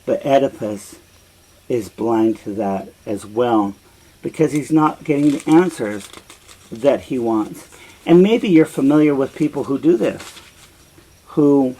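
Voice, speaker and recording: A middle-aged man teaching and explaining a play, deliberate and explanatory. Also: mid-range voice, dark tone, low-quality recording. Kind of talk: slow reflective commentary.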